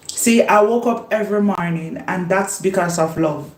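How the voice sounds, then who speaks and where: A woman vlogger chatting casually while she cooks, unhurried, laughing often and talking herself up. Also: fairly low pitch, slight background noise. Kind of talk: casual chat while cooking. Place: home kitchen. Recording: roomy echo.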